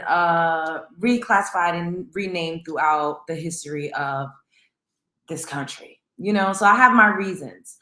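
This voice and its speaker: A woman's voice: lowish voice, a bit bright, roomy sound. A woman hosting a casual livestream, talking chattily to her viewers. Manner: chatty, greets viewers by name. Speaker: livestream host.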